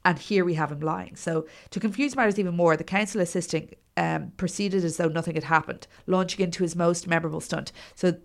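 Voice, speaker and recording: A woman co-hosting a casual podcast who tells a story through dramatic read-aloud passages and offhand asides. Her voice sits low, with a gravelly fry. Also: fairly even intonation, brisk, few pauses. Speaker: podcast co-host. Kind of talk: casual chat and reading aloud.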